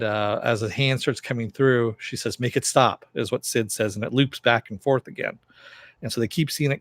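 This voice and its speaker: Low-voiced man recapping a TV episode. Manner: rambling, with many "uh" and "you know" fillers. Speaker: TV episode reviewer.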